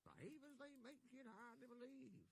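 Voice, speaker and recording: Bossy old Scottish steam engine, thick brogue, very high squeaky voice, wildly swooping. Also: male voice, wildly swooping pitch, normal speed, vocal fry, slight background noise, full character voice. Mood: scolding.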